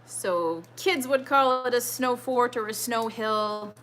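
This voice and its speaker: Woman, thirties, trivia live-stream host at home: bright, talkative, easygoing rambler who reads the chat aloud. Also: on the high side, slow pace, slight background noise. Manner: chatty, rambling, reads viewer comments aloud. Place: home with children nearby.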